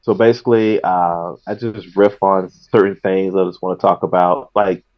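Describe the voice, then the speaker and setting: A male comedian guest chatting casually on a podcast, laughing often and trailing off in a relaxed way. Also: sits low, moderate pace. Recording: dull lo-fi sound.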